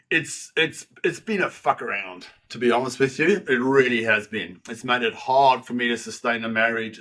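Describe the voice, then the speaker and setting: A man in his sixties, a podcast guest telling his story frankly and with animation, swearing freely and poking fun at himself. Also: mid-range voice. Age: 60s. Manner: frank, animated, swears freely, frequent self-deprecating asides. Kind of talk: candid conversational storytelling.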